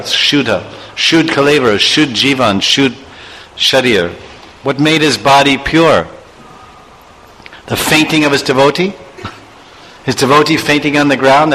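Male preacher, bright tense tone, digressive storyteller, echoey hall. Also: medium pitch. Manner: digressive, chuckling asides and chanted verses. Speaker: spiritual teacher. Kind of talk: storytelling sermon.

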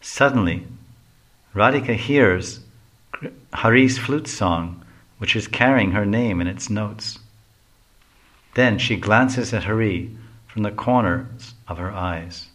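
A man reading a devotional story aloud with a bright, clear voice. He breaks off now and then for casual explaining asides. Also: on the low side, slow, pauses often. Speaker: reader.

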